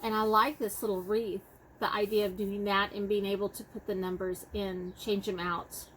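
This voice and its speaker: A woman's voice: medium pitch, level tone, normal speed, a bit bright, slight background noise, poor audio. A woman with a Texas accent chatting casually about her cross-stitch projects, rambling and correcting herself as she goes. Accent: Texan. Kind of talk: casual show-and-tell chat.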